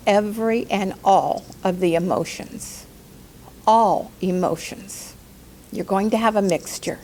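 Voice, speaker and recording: A woman life coach giving a calm spoken lesson, slowing down to stress key words and acting out quoted outbursts in a raised voice. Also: slight background noise. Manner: calm, gentle delivery with slow deliberate emphasis; acts out quoted outbursts in a higher, louder voice. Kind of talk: spoken teaching talk.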